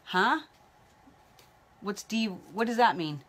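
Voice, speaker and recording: A woman's voice: medium pitch, expressive, slow pace, fairly bright tone. A woman psychic medium giving live-streamed readings, chatting loosely and calling out viewers by name. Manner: talks while a baby tugs at her hair.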